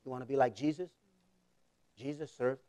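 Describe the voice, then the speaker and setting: A man in his forties, a pastor telling a humorous story in a sermon, conversational and laughing often, swinging between loud bursts and quiet asides. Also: mid-range voice, moderate pace, no room sound.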